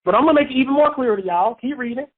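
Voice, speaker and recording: This Bible teacher sounds high-pitched and expressive, firing off words rapidly. Calling in by phone to a radio show, the teacher runs a call-and-response study that repeats key points and quizzes the audience.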